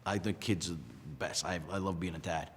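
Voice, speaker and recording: A man's voice: low voice, steady tone, slightly rough. Earnest man in an echoey hall. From Rhode Island. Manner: earnest, emotional, halting with restarts. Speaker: interviewee, past lodge master. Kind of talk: casual heartfelt interview.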